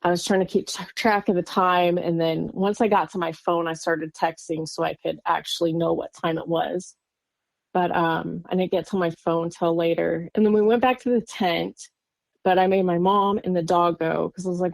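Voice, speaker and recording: A woman's voice: on the low side, moderate pace, creaky, a little mellow, no echo. A woman from Oregon, a guest on an interview podcast, recounting a personal encounter in a rambling way with lots of fillers and nervous laughs. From Oregon, USA. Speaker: guest witness.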